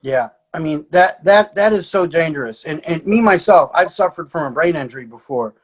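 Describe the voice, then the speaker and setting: A man talking as a podcast guest, a martial arts coach telling lively anecdotes in casual conversation. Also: a little high, a little fast, husky. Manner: animated storyteller.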